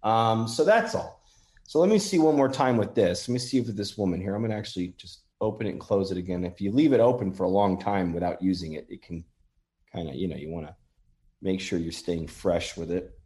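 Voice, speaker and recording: Man, lowish voice, casual earnest demo host, gentle and grateful in tone. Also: a little fast. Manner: earnest and thankful, speaks gently to spirits. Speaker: paranormal app demonstrator. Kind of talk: casual demonstration talk.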